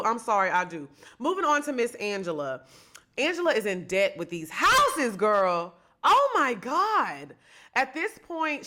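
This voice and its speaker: Woman podcast host, chatty and sassy in her gossip commentary, with a bright, slightly high voice. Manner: chatty, sassy, addresses listeners directly. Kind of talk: solo reality-TV gossip commentary.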